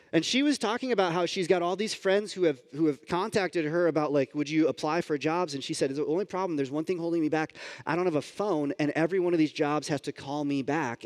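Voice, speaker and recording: Conversational man preaching a sermon. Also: a little high. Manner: conversational storytelling, with many restarts and asides. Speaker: pastor. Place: church sanctuary.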